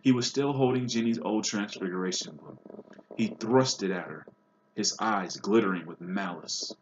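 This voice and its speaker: A man's voice: fairly low pitch, normal speed. A man reading a novel aloud and patiently stopping to explain words. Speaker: reader. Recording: dull lo-fi with hiss.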